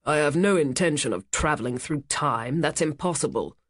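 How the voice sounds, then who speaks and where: A narrator voicing a rich casino owner, a man who speaks with smooth, menacing charm. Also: medium pitch, lively intonation, normal speed, no echo, studio quality. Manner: smooth, commanding, cutting. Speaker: cruise ship owner.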